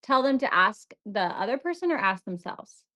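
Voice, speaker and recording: A woman's voice: mid-range voice, very animated, normal speed, bright, forceful tone. A young woman, a guest on a podcast, chatting casually, laughing often and acting out her own thoughts. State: new mother. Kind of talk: casual chat.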